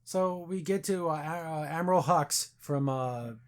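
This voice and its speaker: A man with a fairly high voice hosts a casual podcast review. He talks things through loosely and keeps dropping into short imitations of characters as he retells scenes. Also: a little slow. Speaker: podcast host.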